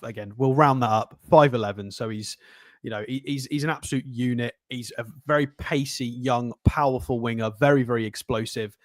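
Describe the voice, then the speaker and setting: A man co-hosting a football podcast, talking through a player in a quick, casual, analytical way. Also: mid-range voice, no echo, clean studio sound. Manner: chatty, fast, analytical. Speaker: co-host.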